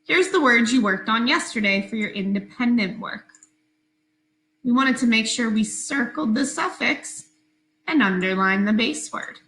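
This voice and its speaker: A woman teacher giving a recorded phonics lesson to her class, speaking slowly, clearly and patiently. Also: a little high, animated, fairly bright tone, roomy sound, rough recording.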